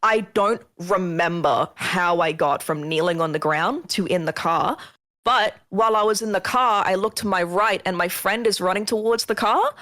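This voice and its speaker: A woman telling a ghost story on a casual podcast, animated and swearing often, acting out what people said. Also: medium pitch, normal speed. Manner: animated, swearing, acts out quotes. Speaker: guest.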